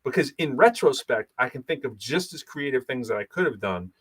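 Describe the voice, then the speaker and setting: A man in his thirties hosting a casual talk show, animated, laughing often and talking with many fillers. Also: mid-range voice, a little fast, slightly rough. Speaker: podcast host and battle rapper. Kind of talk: casual chat.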